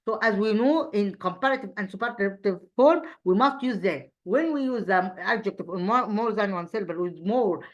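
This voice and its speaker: A woman with a mid-range voice leads an English grammar review lesson, heard on a muffled recording. She sounds hesitant, pausing often, repeating herself, restarting and using fillers, and she asks rhetorical questions as she goes.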